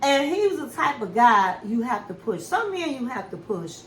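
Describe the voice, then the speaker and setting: A woman hosting a reality TV recap in casual chat, an animated storyteller who acts out quotes and calls her listeners honey. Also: a little high, moderate pace, roomy sound, slight background noise, poor audio.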